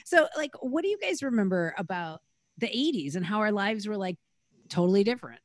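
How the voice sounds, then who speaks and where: A woman's voice: medium pitch, very animated, brisk, no room sound, studio quality. A woman in her forties chatting casually on a book podcast, full of "like" fillers and bursts of laughter. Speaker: podcast co-host. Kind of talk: casual book club chat.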